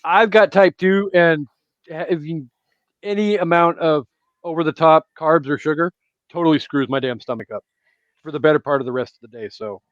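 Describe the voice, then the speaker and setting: A man's voice: on the high side, moderate pace, no room sound. A man co-hosting a casual chat in a laid-back way, steering the talk. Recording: dry, dull lo-fi mic.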